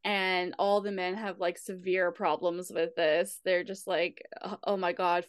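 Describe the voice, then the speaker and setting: Woman podcast co-host, animated and giggly, casual swearing, dry mic. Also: fairly low pitch, measured pace, few pauses, clean tone, no room sound. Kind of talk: casual recap chat.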